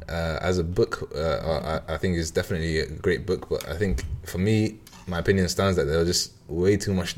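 A man's voice: low voice, a little mellow, a little hiss or hum. A man hosting a book podcast in casual chat, laid-back and hesitant with many fillers. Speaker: podcast host.

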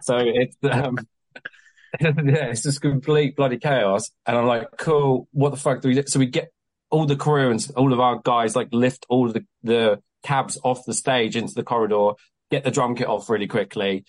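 Animated, swearing man telling a story. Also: mid-range voice, normal speed, poor audio. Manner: animated, swears a lot, acts out quoted exchanges. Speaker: guest, venue promoter. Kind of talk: casual podcast storytelling.

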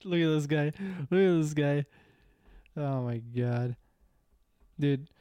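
A man's voice: fairly high pitch, takes it slowly, mellow, clear, resonant tone, no echo. A young Canadian man chatting casually with friends, blunt and teasing, repeating himself. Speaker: friend in group chat. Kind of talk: casual chat.

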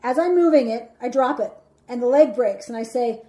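A woman with a fairly high, mellow voice teaching a lesson. She lays out her points in a measured order. She turns dramatic whenever she acts out an example. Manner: measured, explains step by step. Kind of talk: instructional talk.

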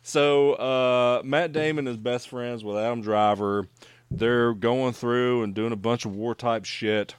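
A man's voice: medium pitch, steady tone, measured pace, smooth, no echo. A man talks loosely through a film recap, full of ums and offhand swearing. His voice sits in a middle range. The sound is dry and close. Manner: rambling, profane, with fillers. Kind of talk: casual movie chat.

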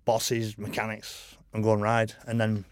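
A middle-aged male racer, appearing as a guest on a casual podcast interview, speaks in a fairly low, completely flat voice at a measured pace. He rambles through frank anecdotes, swearing freely and saying "you know" a lot, and the sound is dry and close.

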